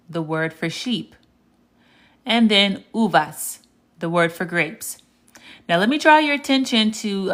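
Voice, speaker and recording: A woman's voice: fairly low pitch, a bit bright. A patient woman teaching Spanish on a live stream. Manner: patient, repeats words slowly and clearly; reads viewer comments aloud and answers them. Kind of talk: live-stream language lesson.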